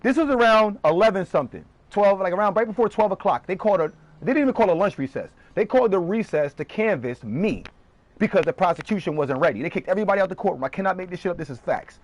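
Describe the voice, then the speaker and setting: Fast, fired-up ranting man. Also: high-pitched, animated. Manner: profane, fired-up venting, quick bursts. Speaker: streamer. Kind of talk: heated live-stream rant.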